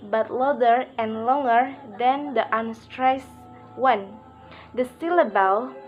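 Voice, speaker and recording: Woman, lesson reading, very slow, slightly high voice, faint background music. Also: dull audio. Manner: slow, careful reading with "okay, next" transitions. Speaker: student presenter. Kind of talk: reading a pronunciation lesson aloud.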